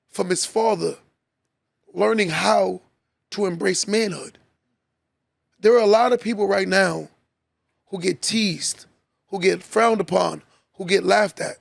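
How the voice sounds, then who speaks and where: A man's voice: sits high, creaky, dry recording. A man, a father, giving a preachy motivational monologue as podcast host, repeating key lines for emphasis. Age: adult, father of a son.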